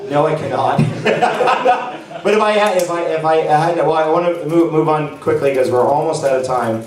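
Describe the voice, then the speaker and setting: This man is a panel presenter giving a relaxed, meandering talk at a convention, full of fillers and restarts, to a live audience. His pitch is fairly high and his pace normal, with a crowd audible behind him. The mic is far off and the room echoes.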